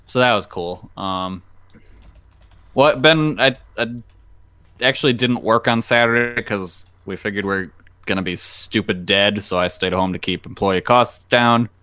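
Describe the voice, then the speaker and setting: A man's voice: fairly low pitch, unhurried, bright, forceful tone, clean tone, dry recording. A man hosting a casual podcast chat, rambling through a joking story and acting out the people in it. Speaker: podcast host.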